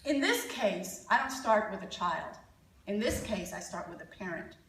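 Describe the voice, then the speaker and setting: A woman giving a conference talk, an animated storyteller who coaches parents and jokes with her audience. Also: mid-range voice, moderate pace, echoey room, distant mic, slight background noise, poor audio. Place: conference hall.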